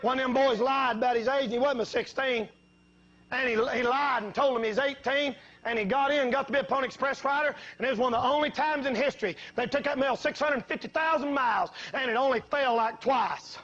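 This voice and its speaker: A man preaching a fiery revival sermon, telling folksy stories that build up to shouting. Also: very high-pitched, muffled recording.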